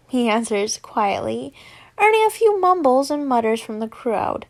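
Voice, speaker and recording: High, gravelly young woman reading a fanfic. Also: sing-song, unhurried. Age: young adult. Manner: casual, stumbling reading with chatty asides and giggles. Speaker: fanfiction reader.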